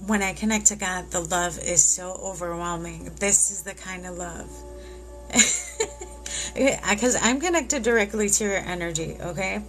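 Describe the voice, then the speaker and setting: A woman doing a live tarot reading who speaks warmly and reassuringly and keeps tearing up. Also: fairly low pitch, moderate pace, few pauses, faint music behind. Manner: emotional, tearful, reassuring. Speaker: tarot reader.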